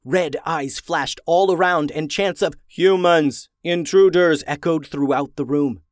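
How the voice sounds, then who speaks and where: Man, storyteller, children's story reading, expressive, suspenseful, fairly high voice, dry close recording. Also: no room sound. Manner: expressive, dramatic slowing for suspense.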